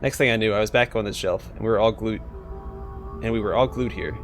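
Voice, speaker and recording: A bored, languid talking skull speaks in a sultry, drawn-out manner, as a man puts it on. The voice sits low. Soft game music plays behind. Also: lightly acted.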